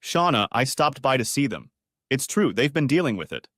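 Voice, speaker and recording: A man's voice: medium pitch, big pitch swings, normal speed, a bit bright, no room sound, studio quality, pitched above the performer's own voice. A man voicing a betrayed businessman husband who talks in angry, clipped, cursing bursts. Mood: weary.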